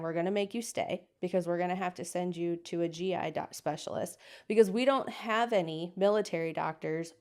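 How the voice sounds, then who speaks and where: A woman in her thirties from the United States, telling a personal story as an interview guest and acting out the people she quotes. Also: fairly low pitch. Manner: lively storyteller, acts out quoted voices.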